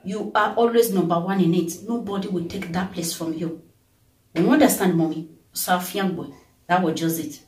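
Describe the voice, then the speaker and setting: A Nigerian woman vlogger, tired, talking in an animated way and breaking into song and blessings. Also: on the low side, moderate pace, far from the mic. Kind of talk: casual birthday tribute vlog with singing. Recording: roomy sound from off the mic.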